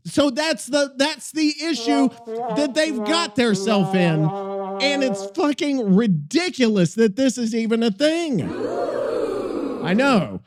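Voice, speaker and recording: A podcast host delivering a swear-laden rant about a game, acting out the people he talks about. His voice is high for a man and swings widely in pitch. The delivery is casual and loose. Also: unhurried. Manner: animated swearing rant, acts out characters.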